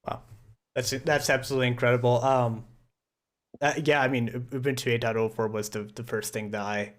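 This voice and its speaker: Relaxed chatty man hosting a call. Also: medium pitch, brisk. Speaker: host. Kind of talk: casual video-call meeting. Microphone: video call.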